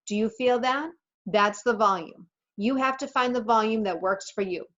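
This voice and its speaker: A woman's voice: on the high side, normal speed, a bit bright, close to an everyday voice. A woman reading aloud, voicing a cheerful, joking male ear doctor who reassures a boy patient. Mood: explaining. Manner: reassuring, playful. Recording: slightly muffled recording.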